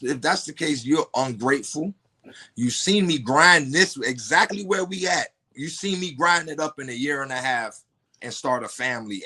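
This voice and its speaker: A man's voice: mid-range voice, bright, forceful tone, husky. A man, a podcast guest, telling a personal story in casual, profane talk full of restarts. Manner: profane, halting, many restarts.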